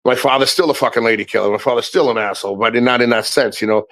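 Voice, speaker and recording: A man's voice: medium pitch, fairly bright tone, no room sound. A man hosting a livestream, rambling in casual chat, swearing often and restarting his sentences. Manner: rambling, profane, halting restarts. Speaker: livestream host.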